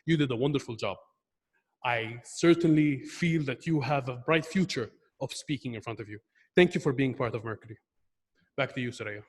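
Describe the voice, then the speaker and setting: A young man evaluating a club member's speech on a video call, earnest and halting, often restarting his words. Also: medium pitch, slightly rough, big-room sound.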